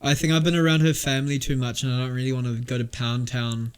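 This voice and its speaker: A young man co-hosting a casual podcast, trading deadpan crude jokes. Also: medium pitch, quick pace, clear, resonant tone. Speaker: podcast co-host. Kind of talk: casual banter.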